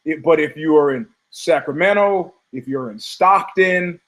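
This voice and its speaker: Animated, rambling male podcast host. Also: on the high side, measured pace. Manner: rambling, animated storytelling with profanity and asides. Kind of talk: casual podcast monologue.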